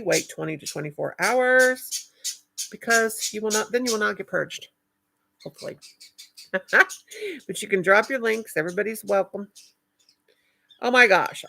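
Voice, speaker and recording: A woman's voice: mid-range voice, gravelly, a bit bright. An older woman hosting a live stream, chatting casually and affectionately with viewers in a rambling way, with a cackling laugh.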